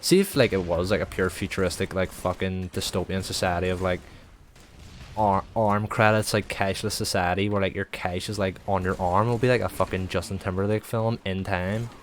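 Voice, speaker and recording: Low-voiced young man rambling casually. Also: level tone, normal speed, a little hiss or hum. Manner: sweary, rambling, heavy use of filler "like". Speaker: streamer.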